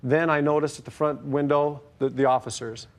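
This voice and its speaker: A man testifying as a plaintiff in a television courtroom, telling a long story haltingly with frequent fillers and repeated stock phrases. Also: fairly high pitch, steady tone.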